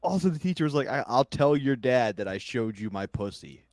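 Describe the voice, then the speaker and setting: A man's voice: mid-range voice, animated, a little fast, darkish tone, no echo. Laughing man riffing on a podcast. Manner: joking reactions, frequent laughter. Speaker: podcast co-host. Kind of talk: casual comedy podcast chat.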